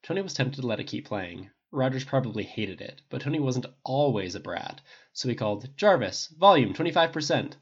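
A man giving steady scripted audiobook narration on a dull lo-fi recording. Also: mid-range voice, brisk, hardly any pauses, breathy edge.

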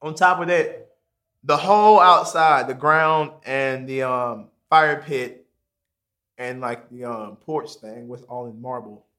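A young man telling a long story to friends in a casual chat. He swears freely, mumbles his asides and jumps into high squeaky voices when he quotes himself. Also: slow, sharp tone.

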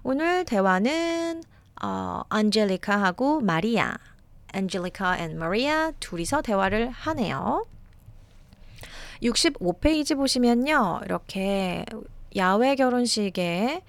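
A woman's voice: medium pitch, lively intonation, no room sound. Give me a Korean woman teaching English, reading carefully in a dry, close recording. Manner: reads English text slowly and clearly, explains in Korean. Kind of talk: language lesson explaining and reading aloud.

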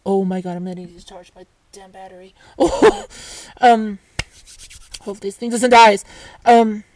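A woman telling a story to her camera in a casual, animated rant. She swears freely and keeps restarting and breaking into asides. Her voice sits at a middle pitch and sounds dry and close, with no room echo. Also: normal speed.

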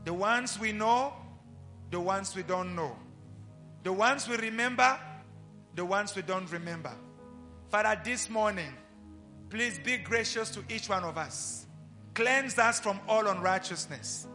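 A man's voice: high voice, unhurried, pauses often, bright, forceful tone, soft background music. A man leading an earnest, pleading congregational prayer at a live church service. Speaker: prayer leader.

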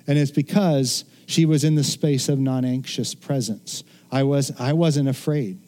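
A man's voice: mid-range voice, unhurried, mellow. A middle-aged man preaching a sermon in an earnest, conversational way, with asides and restarts. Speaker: pastor.

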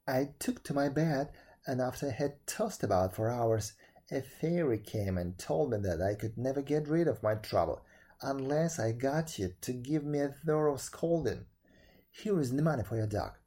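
Man doing a guilty, wailing old miser for a storybook, husky and dark, pushed a bit higher. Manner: wailing, begging, anxious.

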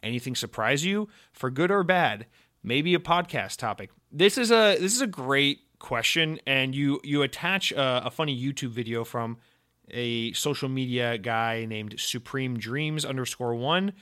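A man's voice: medium pitch, unhurried. Male solo podcast host, young adult, mid-range voice, mock-serious rambling rants. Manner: mock-serious, rambling, animated with many restarts and fillers.

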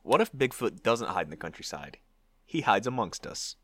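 A man's voice: on the low side, very animated, moderate pace, a bit bright, no room sound. A man co-hosting a podcast, spinning playful stories and laughing as he talks. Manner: playful storyteller, laughs while talking. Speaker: podcast co-host. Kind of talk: casual podcast chat.

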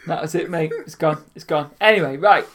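A young adult man co-hosts a casual podcast, telling lively stories and laughing as he chats. His voice is fairly high, and he talks briskly.

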